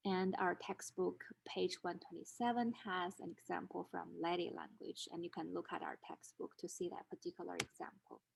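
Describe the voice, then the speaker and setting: A woman's voice: fairly low pitch, level tone, normal speed, vocal fry, hardly any pauses, a little hiss or hum. A woman instructor giving a methodical recorded lecture, explaining rules step by step with examples. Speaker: linguistics instructor.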